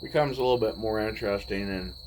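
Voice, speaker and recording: A man in his forties, telling a personal story in a laid-back, rambling way with pauses. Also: lowish voice, darkish tone, a little hiss or hum, rough recording. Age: 40s. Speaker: vlogger. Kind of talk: casual storytelling.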